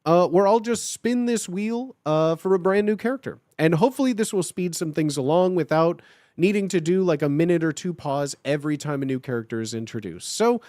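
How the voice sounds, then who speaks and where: A male livestreamer talking casually to his viewers, his voice sitting a touch higher than most men's. He speaks in a halting, stop-start way, full of filler sounds and restarts. The sound is dry and close on a streaming mic, with no room echo. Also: darkish tone.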